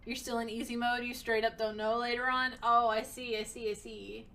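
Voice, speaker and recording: A woman streamer giving casual let's-play commentary, reacting loudly and swearing with excitement. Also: on the high side, moderate pace, vocal fry.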